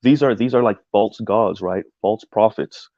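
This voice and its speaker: A man's voice: on the low side, unhurried, mellow, no room sound, dull audio. A man giving casual livestream commentary on a video essay, rambling with many ums and tagging his points with "right?". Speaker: streamer reacting to a video essay.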